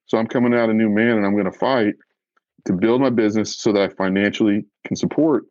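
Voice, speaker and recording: A man's voice: fairly low pitch, quick pace, darkish tone, dry recording, dull audio. A man, a professional fisherman, talking candidly as a podcast guest, blunt and earnest, a self-described fiery man who gets right to the point.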